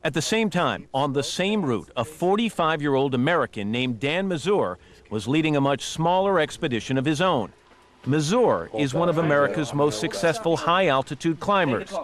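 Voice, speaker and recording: A man narrating a news documentary in a measured, grave manner. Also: fairly high pitch, animated. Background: music.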